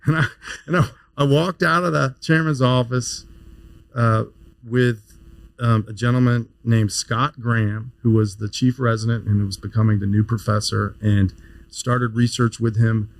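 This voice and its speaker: A man in his fifties with a mid-pitched voice, telling an animated story as a podcast guest. He talks casually and often doubles back on his words. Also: measured pace, no room sound, low-quality recording. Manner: animated storyteller, frequent restarts, laughs easily. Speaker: neurosurgeon guest.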